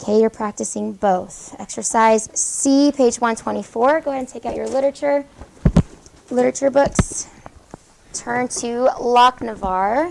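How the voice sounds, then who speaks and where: A woman teaching a high school classroom lesson, her voice sitting a little high with a gravelly, creaky texture. She moves briskly through the material, praising answers and firing questions at the class. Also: slight background noise, rough recording. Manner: brisk, encouraging, questioning students.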